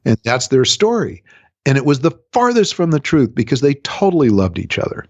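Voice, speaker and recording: A man's voice: mid-range voice, wildly swooping pitch, a little fast, no echo. A man, a relationship coach, explaining ideas in a casual radio interview, often changing his speed to make a point. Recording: dry, slightly dull radio recording.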